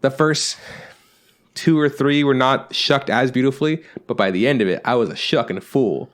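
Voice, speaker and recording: A man's voice: medium pitch, normal speed. A young adult man on a casual podcast, telling rambling anecdotes and acting out quotes, swearing freely. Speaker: podcast co-host. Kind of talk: casual storytelling chat.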